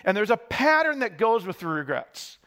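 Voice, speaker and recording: A man's voice: high-pitched, very animated, normal speed, fairly bright tone. A man preaching a sermon, telling candid, self-deprecating stories to his congregation.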